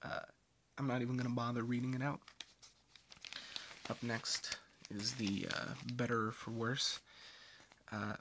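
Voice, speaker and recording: A man hosting a casual comic-strip review show, speaking in a dry, offhand way with frequent pauses. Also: medium pitch, level tone, noisy background.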